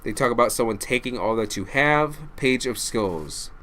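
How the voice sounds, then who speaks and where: A man does a tarot reading to camera, addressing the listener bluntly and directly, swearing freely and repeating points for emphasis. His mid-range voice is animated and fairly bright at a moderate pace, with a slight hiss or hum in the background.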